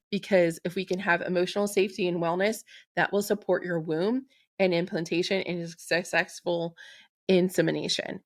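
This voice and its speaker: A woman hosting a solo spiritual podcast, speaking in a gentle, affirming way and slowing down to recite intentions. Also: on the low side, steady tone. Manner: slow and deliberate when reciting an intention. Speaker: podcast host and Reiki practitioner.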